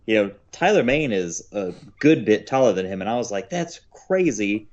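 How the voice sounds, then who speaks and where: Low-pitched man on a dull lo-fi mic. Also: a little fast. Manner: relaxed, agreeable, laughs along. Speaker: podcast co-host. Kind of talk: casual chat. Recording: dull lo-fi sound.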